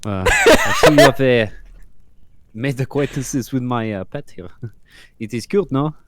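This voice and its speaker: A man voicing a card-playing adventurer in a tabletop game, who speaks haltingly with many fillers. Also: medium pitch, wildly swooping pitch, a little hiss or hum. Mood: friendly, probing.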